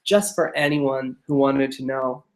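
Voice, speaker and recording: A show choir webcast host reading competition placements in a brisk, chatty way with quick asides. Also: medium pitch, echoey room. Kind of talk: live webcast chat reading competition results. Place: room, remote from co-host.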